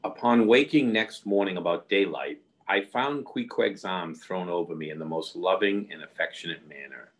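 A man reading a classic novel aloud in a measured, unhurried way. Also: sits low, poor audio. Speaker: reader.

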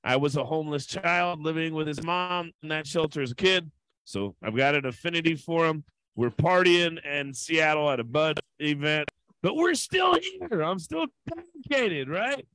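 A man hosting a charity comedy show over a video call, with a high voice that jumps all over the place. He jokes loudly and playfully between acts, and the sound is dry and close. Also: normal speed, no room sound, poor audio. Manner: loud, playful, animated banter. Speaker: host.

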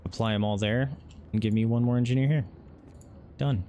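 A man's voice: medium pitch, fairly even intonation, fairly quick, dark tone, a little hiss or hum. A young man commenting as he plays a strategy game, reading its text aloud and swearing. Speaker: gaming channel host. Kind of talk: let's play commentary.

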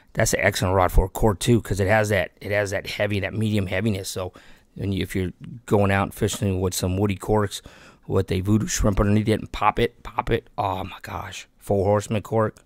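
Excitable fishing vlogger man, dry sound. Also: fairly low pitch, normal speed, no room sound. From Texas. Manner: chatty and excitable, talks himself out of keeping the gear. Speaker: fishing channel host. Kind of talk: casual giveaway vlog talk.

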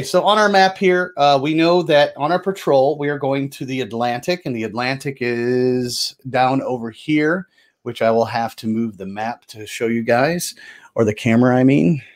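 A man's voice: mid-range voice, normal speed. A man hosting a board game session, explaining the rules casually, loose and chatty, with fillers and self-corrections.

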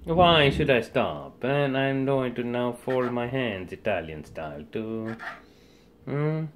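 A man's voice: medium pitch, big pitch swings, slow pace, a little hiss or hum. Teasing man bossing around a kitchen. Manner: teasing, bossy, playful. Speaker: home cook vlogger. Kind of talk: casual kitchen banter. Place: home kitchen.

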